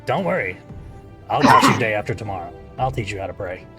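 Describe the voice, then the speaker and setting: A man's voice: lowish voice, sing-song, a little fast, creaky, sharp tone, soft background music, heavily acted. Man putting on a stern, dry woman teacher. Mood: teasing. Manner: curt, teasing, commanding.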